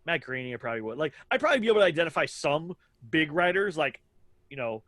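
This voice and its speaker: Man in his 30s, raised pitch, rambling casual storyteller with many fillers, very dry close sound. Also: very animated, fast, a bit bright, dry recording. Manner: rambling, lots of fillers and acted-out quotes. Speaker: podcast co-host.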